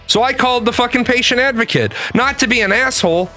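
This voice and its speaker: A man's voice: extremely high pitch, fast talker, bright, forceful tone, soft background music. A man telling a profane, exasperated story about an argument over a missed appointment, acting out both sides of the phone calls. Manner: exasperated, swears a lot, acts out phone calls. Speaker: podcast host.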